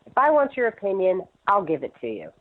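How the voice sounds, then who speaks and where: A woman's voice: medium pitch, huge pitch swings, fast. A middle-aged woman entrepreneur chatting as an interview guest, telling stories animatedly and laughing often. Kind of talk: casual interview chat. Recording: tinny phone line.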